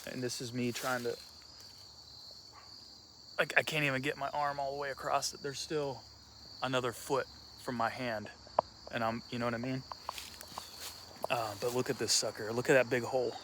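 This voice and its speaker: A man in a casual walk-and-talk vlog, rambling on and correcting himself as he goes. His voice sits at an ordinary middle pitch, recorded on a handheld camera out on a wooded hillside. Crickets chirp faintly behind him. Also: little pitch movement, moderate pace, long pauses, noisy background. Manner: rambling, casual, self-interrupting. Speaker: vlogger and punk musician. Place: outdoors on a wooded rural hillside.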